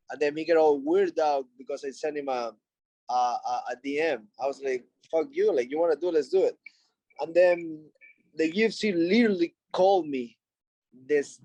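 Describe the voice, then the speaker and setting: A man's voice: on the high side, a little mellow, no room sound, low-quality recording. Blunt, swearing man, English. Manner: blunt, profane, frank. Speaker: interview guest, fighter. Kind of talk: casual interview.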